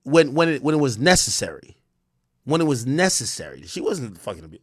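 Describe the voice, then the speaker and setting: A young man ranting on a livestream, animated and profane, with frequent restarts. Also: medium pitch, brisk, husky, dry recording, clean studio sound. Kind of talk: casual livestream rant.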